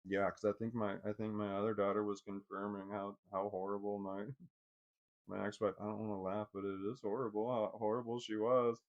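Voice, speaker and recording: A man's voice: fairly low pitch, level tone, moderate pace, dull audio. A middle-aged man telling a personal story in casual vlog talk, rambling and profane, with many restarts. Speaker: vlogger.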